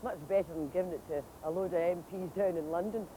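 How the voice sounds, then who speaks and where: Scottish lady doing a mocking little comic monologue, mellow tone, faint hiss behind. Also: on the low side, quick pace, poor audio. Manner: chatty, mocking, animated.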